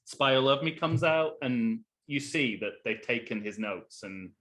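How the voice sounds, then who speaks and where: Podcast guy talking movies, lots of false starts, trails off quiet, mid pitch. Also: lively intonation. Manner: halting, many restarts, trails off quietly. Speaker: podcast co-host. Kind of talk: casual film discussion.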